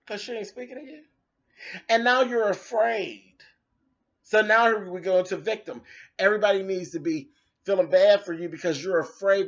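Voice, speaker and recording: A man with a high voice rants in a sassy, cutting way, tossing off dramatic asides. The recording sounds dull and lo-fi. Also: fairly bright tone. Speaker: commentator. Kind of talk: casual rant video.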